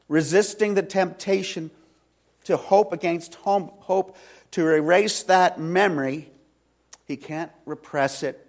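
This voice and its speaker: Slowly retelling a story during his sermon, a male pastor moves dramatically between booming and hushed delivery. His voice is fairly high, and he preaches in a church sanctuary.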